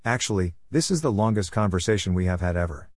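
A man's voice: sits low, lively intonation, quick pace, no room sound, clean studio sound. A man narrating a first-person story in a reflective, wry manner.

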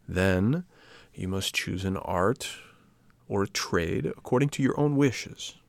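A man's voice: sits low, animated, slow, creaky, no room sound, exaggerated voice. A man voicing a kind but stern motherly fairy, speaking in a solemn, admonishing way in a storybook reading. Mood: instructing.

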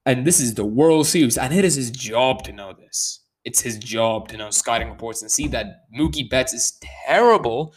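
A baseball analyst with a husky, medium-pitched voice talks through stats in casual commentary, getting animated and worked up as he leans hard on the numbers. His pace comes in fast and slow bursts, and he often restarts sentences.

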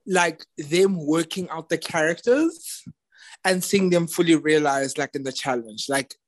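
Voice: medium pitch, unhurried. A podcast co-host in campy, playful casual chat about a TV show.

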